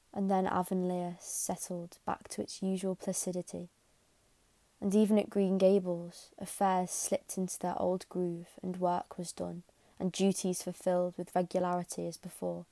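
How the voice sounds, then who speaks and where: A woman reading a classic novel aloud in a quiet, measured way, sometimes sinking to a whisper. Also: mid-range voice, no room sound. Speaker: audiobook narrator. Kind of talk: scripted narration.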